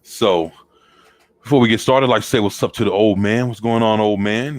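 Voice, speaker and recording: A man's voice: fairly low pitch, brisk, no echo. A man co-hosting a casual podcast, laid-back and greeting viewers by name. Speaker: podcast co-host. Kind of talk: casual chat.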